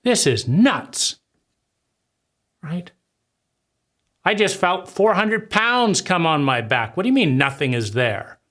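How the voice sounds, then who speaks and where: A man's voice: high-pitched, expressive, slow, long pauses, a bit bright. A man giving an impassioned lecture on trauma, emphatic and sweeping, piling phrase on phrase. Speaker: trauma speaker.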